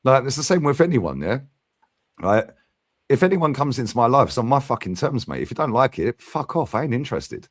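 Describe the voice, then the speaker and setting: A man's voice: medium pitch, big pitch swings, brisk, no echo, clean studio sound. A man hosting a casual football fan chat, blunt and sweary, tagging "yeah?" onto his points. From London. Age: 40s. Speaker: fan channel host.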